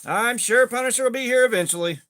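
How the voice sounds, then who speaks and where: Bright high-voiced man chatting. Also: fast, a little hiss or hum. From southeastern United States. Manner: rambling and chatty, greets viewers by name, casual swearing. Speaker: livestream host. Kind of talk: casual livestream chat.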